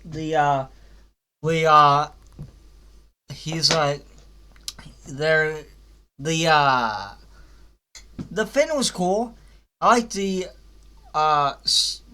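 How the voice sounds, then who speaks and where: A man's voice: a little high, bright, forceful tone. A young man giving a casual, rambling spoken review of a cartoon series, with frequent fillers, restarts and blunt swearing.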